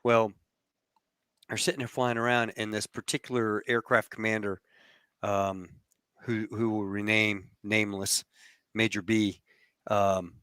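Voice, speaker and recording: A man's voice: on the low side, level tone, a little slow, pauses often, a bit bright, clear, resonant tone, dry recording, clean studio sound. A man hosting a podcast, telling an anecdote in a casual way and acting out the quoted voices. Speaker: podcast host. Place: lives in Texas.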